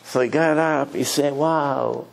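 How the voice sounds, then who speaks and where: Man, rabbi lecturer; animated storyteller, gravelly. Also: fairly high pitch, a little slow. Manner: animated storytelling, nonnative English grammar.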